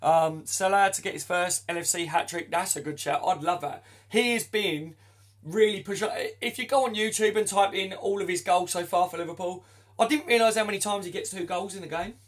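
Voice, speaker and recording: A chatty young man hosts a casual football live stream, reading out viewer comments and laughing along. His voice sits a touch high for a man. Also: fairly quick.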